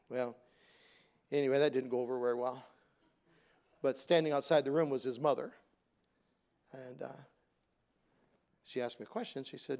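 Speaking at normal speed with a steady tone and long pauses, a middle-aged pastor shares a family story in a conversational sermon. He rises loud to stress points before sinking into a soft, low voice.

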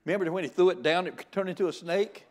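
A man's voice: sits high, fairly even intonation, fast talker, darkish tone. An older man giving a sermon as a guest preacher. He jokes in a folksy way and often stammers into restarts.

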